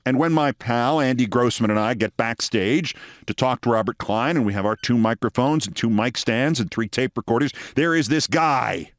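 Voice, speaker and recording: A man's voice: medium pitch, moderate pace, no echo, clean studio sound. A man hosting a show, telling a long anecdote in a wry, dramatic way. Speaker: host. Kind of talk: storytelling commentary.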